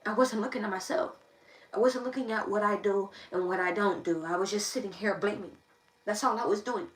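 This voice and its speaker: A woman's voice: mid-range voice, fairly quick. Echoey, repetitive preaching woman. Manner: emphatic and preachy, repeats phrases over and over. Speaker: tarot reader hosting a live stream. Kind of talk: impassioned live-stream monologue. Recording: echoey room, distant mic, faint noise.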